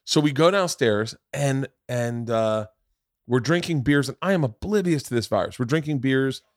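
A man's voice: medium pitch, lively intonation, normal speed, no room sound, studio quality. A man hosting a podcast, telling a long rambling story in casual chat, swearing freely. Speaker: podcast host.

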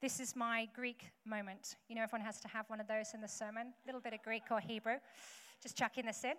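A woman's voice: a little high, level tone, fast, a bit bright. A woman preacher giving a sermon in a conversational way, with humorous asides to the congregation. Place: church hall with congregation. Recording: echoey hall with faint background noise.

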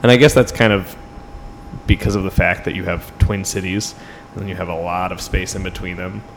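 A man's voice: low-pitched, steady tone, fairly quick, in a large hall, noisy background. A young man from New York co-hosting a podcast, chatting casually and joking. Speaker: podcast co-host. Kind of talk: casual chat. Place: rented apartment room.

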